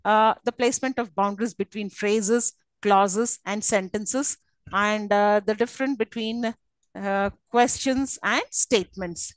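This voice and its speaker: A woman's voice: mid-range voice, unhurried, no echo. A woman giving a university lecture, explaining step by step and often checking that listeners follow. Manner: explanatory, checks understanding with repeated "okay?" and "isn't it?".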